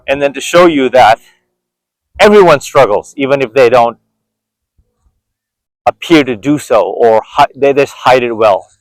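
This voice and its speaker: A man's voice: medium pitch, no echo, poor audio. Earnest man in his forties, dry sound. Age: 40s. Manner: earnest, reflective, with frequent restarts. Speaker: vlogger. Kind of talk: reflective walk-and-talk monologue. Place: outdoors on a walk.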